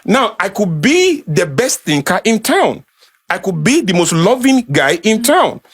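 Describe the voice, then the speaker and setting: A man's voice: high-pitched, big pitch swings, measured pace, fairly bright tone, husky. A man with a Nigerian accent giving a passionate talk, building his points with rhetorical emphasis. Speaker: speaker. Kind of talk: passionate talk to a small audience.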